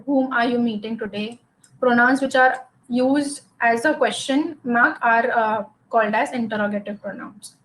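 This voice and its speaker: A woman gives a grammar lesson, with a high-pitched voice. She explains each point patiently, step by step, and checks in with the class by asking "okay?" after nearly every example. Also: rough recording. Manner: explanatory, says "okay?" often. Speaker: English grammar teacher. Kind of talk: classroom lecture.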